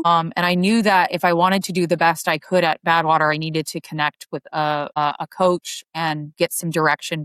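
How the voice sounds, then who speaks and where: A woman's voice: on the low side, fairly bright tone, no room sound. A woman ultrarunner chatting casually as an interview guest, her speech full of "like" fillers. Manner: chatty, heavy use of "like" fillers.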